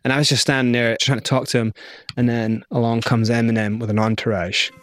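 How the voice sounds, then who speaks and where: A middle-aged man telling his own story in an interview, animated and acting out what others said. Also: mid-range voice, brisk, dry recording. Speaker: guest.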